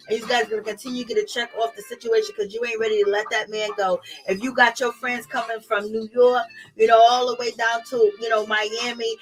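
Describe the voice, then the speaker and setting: A young woman talks through reality TV drama in a chatty, sassy gossip style. Her voice is bright and slightly high. She laughs easily, and faint music plays underneath. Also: poor audio. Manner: chatty, sassy, laughs often, quotes people in mock voices. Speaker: reality TV recap host. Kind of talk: casual gossip commentary.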